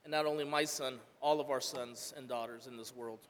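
A man, a father, giving an earnest sermon testimony, rising loud and falling soft. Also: medium pitch, steady tone, fairly quick, long reverb tail. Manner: earnest, swells loud then drops soft. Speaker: church speaker, father.

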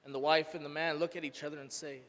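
Earnest male church speaker, slightly high voice, long reverb of a hall. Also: level tone, fast talker. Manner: earnest, swells loud then drops soft. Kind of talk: emotional sermon testimony.

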